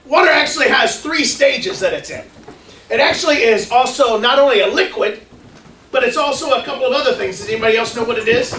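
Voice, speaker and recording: Bright high-voiced man quizzing kids. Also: animated, a little fast. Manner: playful, asks the kids questions. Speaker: children's ministry presenter. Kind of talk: comedic science skit for kids. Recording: echoey room, mic far off, faint noise.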